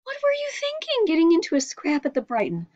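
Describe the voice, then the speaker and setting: A man's voice: extremely high pitch, huge pitch swings, fairly quick, darkish tone, no room sound, muffled recording, voice pushed up, heavily acted. A woman reading a storybook, voicing a stern, exasperated father.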